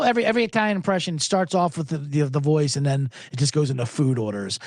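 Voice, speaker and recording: A man's voice: fairly high pitch, fast, few pauses, dry recording, clean studio sound. A man hosting a sports betting podcast, rambling and joking profanely in a casual monologue. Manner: profane, joking, rambling, breaks into mock impressions.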